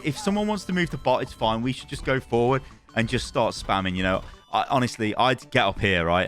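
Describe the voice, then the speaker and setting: Man, game coach, exasperated, lively swooping pitch, soft music behind. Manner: exasperated, fires repeated rhetorical questions. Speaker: coach reviewing gameplay replays. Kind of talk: gameplay coaching commentary.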